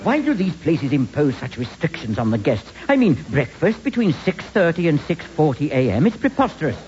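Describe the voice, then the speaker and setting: An actor playing a fussy, prim, complaining doctor sidekick in a comedy radio drama. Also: male voice, a little high, very animated, normal speed, highs cut off, a crowd in the background. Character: fussy, whining male doctor sidekick and narrator.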